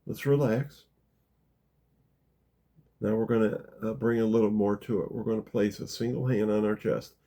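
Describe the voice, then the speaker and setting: A man leading a gentle guided meditation talk, calm and unhurried, dropping very soft in the guided parts. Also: fairly low pitch. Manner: slow, gentle, drops to a near whisper in the guided parts. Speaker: spiritual teacher guiding a practice.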